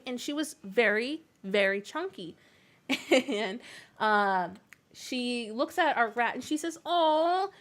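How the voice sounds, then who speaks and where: A woman's voice: mid-range voice, a bit bright. A young woman, chatting casually on a game stream and telling family stories between laughs. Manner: chatty, laughing often, many fillers.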